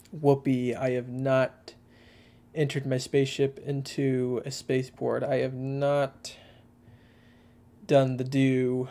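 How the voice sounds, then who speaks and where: A man's voice: medium pitch, creaky, warm tone. A young man from Texas with a Texan accent, rambling through casual livestream chat with lots of fillers and restarts. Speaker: livestream host.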